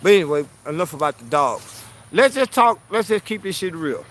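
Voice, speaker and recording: Profane, sharp-voiced ranting male vlogger. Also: fairly high pitch, big pitch swings, moderate pace. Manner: blunt, profane, challenging, repeats himself. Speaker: political commentary vlogger. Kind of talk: casual ranting commentary.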